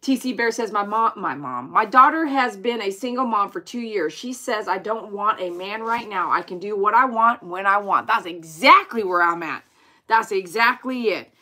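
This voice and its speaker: A woman chatting casually with viewers on her livestream, animated and exclaiming as she reads comments aloud. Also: mid-range voice, moderate pace. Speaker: dog groomer hosting a livestream.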